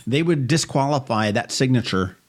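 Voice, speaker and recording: A man's voice: mid-range voice, lively intonation, normal speed. A man with a Maryland accent co-hosting a podcast, rambling through local politics and telling anecdotes. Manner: rambling, tells anecdotes with quoted voices. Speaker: podcast co-host. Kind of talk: casual political chat.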